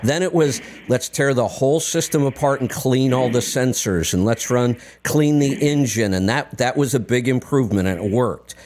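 A man's voice: mid-range voice, lively intonation, moderate pace, hardly any pauses, a little mellow, a little hiss or hum. Call-in host with a mid-range voice who argues his point firmly. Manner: emphatic, argumentative, pressing his point. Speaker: radio show host. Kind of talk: call-in radio talk.

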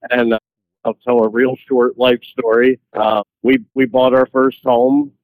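A man's voice: mid-range voice, little pitch movement, measured pace, a little mellow, dry recording, poor audio. A man calling in to a radio show, chatting casually and correcting himself as he rambles. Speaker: caller. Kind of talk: casual phone-in chat.

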